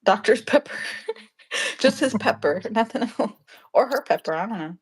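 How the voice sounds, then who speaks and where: A young adult woman, a nurse, chatting casually and telling animated stories with frequent laughter. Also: a little high, normal speed, slightly rough. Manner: animated storyteller who laughs often. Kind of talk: casual chat.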